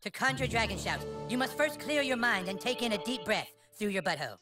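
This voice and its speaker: A man's voice: high voice, expressive, a little fast. A bratty bossy boy wizard. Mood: instructing. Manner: bratty, commanding, crude. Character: bossy pompous boy playing a grand wizard. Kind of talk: video game voice acting. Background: game music.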